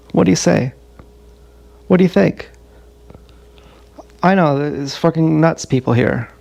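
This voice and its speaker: A man's voice: on the high side, vocal fry, a little mellow, dry recording. A man in his thirties telling a rambling, profane, confessional story in a casual livestream monologue. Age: 30s. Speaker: streamer. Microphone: action camera.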